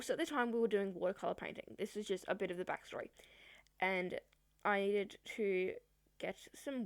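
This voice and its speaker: A woman's voice: medium pitch, no room sound. A woman vlogger telling a personal story in a chatty, rambling way, with many fillers. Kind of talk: storytime vlog.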